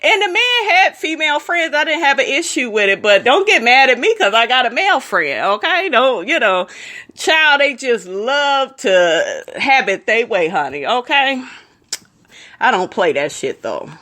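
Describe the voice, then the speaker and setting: A woman's voice: sits high, very animated, a little slow, sharp tone. A woman vlogger giving blunt, profane, emphatic commentary straight to her viewers. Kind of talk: casual commentary.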